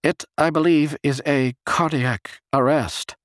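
A man doing a high, slow, fussy oddball. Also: steady tone, no echo, studio quality. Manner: long-winded clinical phrasing. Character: odd fussy man, pedantic and sly.

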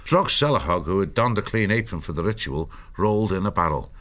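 A man narrating an audiobook with a steady storytelling delivery. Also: sits low, fairly quick.

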